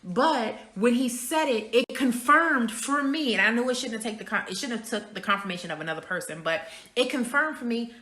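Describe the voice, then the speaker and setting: A woman's voice: a little high, animated, a little fast, sharp tone. Blunt, cussing woman in an echoey room. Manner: blunt, frequent profanity, emphatic. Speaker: speaker sharing personal views. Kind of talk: candid personal monologue.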